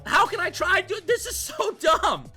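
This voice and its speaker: A game streamer ranting through live commentary, swearing freely and talking straight to the chat. The voice is bright and swings widely in pitch. Faint game music plays underneath. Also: big pitch swings, a little slow. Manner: ranting, profane, chatting with viewers.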